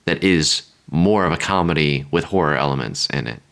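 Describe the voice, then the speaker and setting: Deep-voiced man rambling through ideas. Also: expressive, moderate pace, a bit bright. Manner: rambling, restarts often, full of "like". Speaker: podcast co-host. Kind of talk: casual brainstorming chat.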